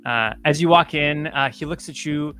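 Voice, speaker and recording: Halting tabletop game master. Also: mid-range voice, pushed and bright, soft background music. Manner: halting narration full of "um" and "uh".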